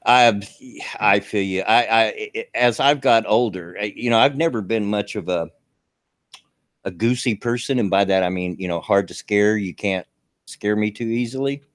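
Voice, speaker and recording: A man's voice: on the low side, moderate pace, no room sound. Folksy man hosting a stream. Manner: folksy, rambling, with many fillers and restarts. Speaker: live stream host. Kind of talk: casual chat.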